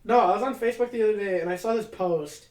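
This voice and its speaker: A man's voice: high voice, fast talker, darkish tone, reverberant. Young man telling rambling podcast stories. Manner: rambling storytelling, heavy swearing and fillers. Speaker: podcast co-host. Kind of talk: casual chat.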